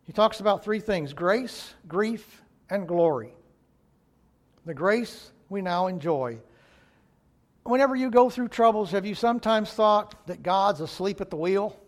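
A man's voice: high voice, animated, a little slow. A male pastor preaching a sermon in an emphatic way, repeating key phrases for weight.

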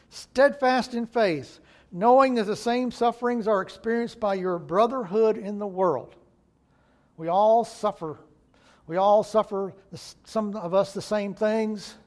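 A male pastor preaching a sermon in an emphatic way, repeating key phrases for weight. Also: sits high.

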